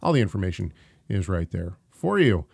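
A man's voice: low voice, very animated, normal speed, vocal fry, a little mellow, breathy edge, no room sound, studio quality. A man co-hosting a casual talk show, rambling through announcements and banter with frequent restarts and easy laughter. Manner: rambling, self-correcting, laughs easily. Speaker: podcast co-host.

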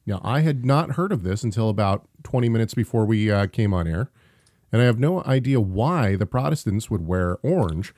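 A man's voice: fairly low pitch, animated, moderate pace, a little mellow, no room sound. Chatty guy hosting a talk show, rambly, dry close mic. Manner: rambling, self-correcting, laughs easily. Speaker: podcast co-host. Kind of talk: casual show chat.

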